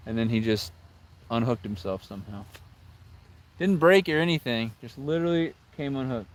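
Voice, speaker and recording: A man's voice: medium pitch, animated, brisk. A young man on a casual fishing stream, exasperated, repeating himself and talking to his chat outdoors by the water.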